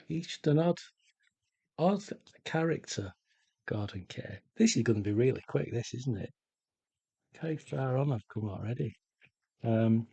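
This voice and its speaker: A middle-aged man chatting casually while he paints, slow and rambling with many pauses. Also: mid-range voice, gravelly, mellow, breathy edge, no room sound. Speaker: art vlogger.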